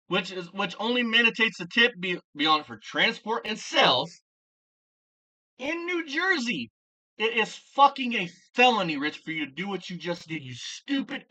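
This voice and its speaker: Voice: mid-range voice, bright, forceful tone, recorded from a distance. A vlogger delivering an angry, profane commentary rant, hurling insults and repeating lines for emphasis.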